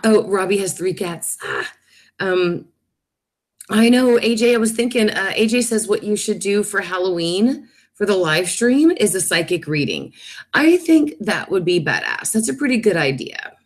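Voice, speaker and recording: A woman's voice: medium pitch, expressive, normal speed. A woman in her thirties hosting a casual live stream, chatting, reading viewer comments aloud and laughing often.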